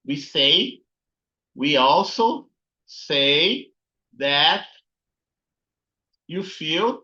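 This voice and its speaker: A man's voice: fairly high pitch, animated, drawn-out words, long pauses, pushed and bright, highs cut off. A man teaching a physics lesson over slides, thinking aloud and often checking with "okay?" and "right?". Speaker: physics instructor. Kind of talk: recorded lecture with slides.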